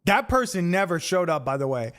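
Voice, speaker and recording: A young New man chats with his stream audience while he plays. His voice sits a little high, and his storytelling runs loose and profane. It climbs in energy whenever he acts out an argument. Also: fairly quick. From New York. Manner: animated, profane, gets loud when retelling confrontations. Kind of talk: casual storytelling to live chat.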